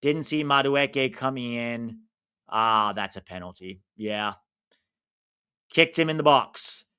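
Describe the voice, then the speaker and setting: An American man commenting casually on a live football match for his stream viewers, reacting loudly to big moments. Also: mid-range voice, slow, clean tone. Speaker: watch-along streamer.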